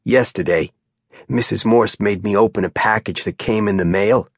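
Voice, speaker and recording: A man doing a huge rough backwoodsman with a thick Down East Maine accent, talking plainly and humbly in an audiobook. The voice sits a bit higher than the narration, close and dry. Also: normal speed, no room sound. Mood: confiding.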